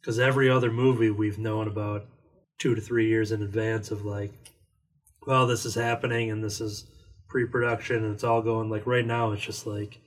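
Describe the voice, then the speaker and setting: A man's voice: lowish voice, flat delivery, normal speed. A man chatting casually about movies on a podcast, rambling with lots of "like" fillers. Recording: distant mic with faint noise.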